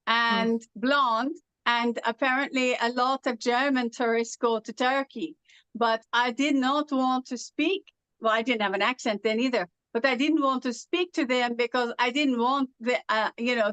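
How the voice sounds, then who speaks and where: High sing-song woman with Irish-like R's. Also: a bit bright, no room sound, poor audio. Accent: foreign-sounding accent with Irish-like R's in some words. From Southern California. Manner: chatty storyteller, with frequent fillers. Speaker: guest. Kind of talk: casual conversation.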